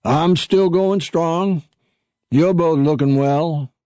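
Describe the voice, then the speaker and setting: A man's voice: on the high side, slow, warm tone, no room sound, voice pushed up. A man voicing a formal, self-assured old male dog who speaks in stately, old-fashioned phrases. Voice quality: pompous, old-fashioned diction.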